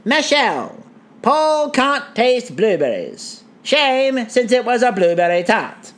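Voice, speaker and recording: A woman's voice: a little high, big pitch swings, takes it slowly. A woman putting on a hammy 1920s radio announcer voice, making grand proclamations with sarcastic asides. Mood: sardonic.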